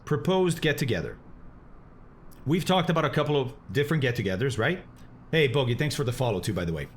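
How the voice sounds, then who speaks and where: A man's voice: medium pitch, very animated, fairly quick, slight background noise. A man streaming a flight simulator, chatting casually with viewers, reading chat aloud and laughing often.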